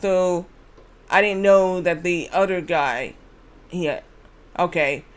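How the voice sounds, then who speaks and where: A man's voice: sits high, slow pace. A male streamer casually telling a long, rambling personal anecdote on a live stream, repeating himself and restarting sentences.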